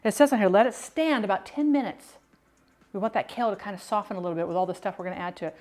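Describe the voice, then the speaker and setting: A woman cooking live on stream from her home kitchen, wearing a clip-on mic, greeting viewers brightly and rambling with restarts. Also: mid-range voice, racing. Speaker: food and drink streamer.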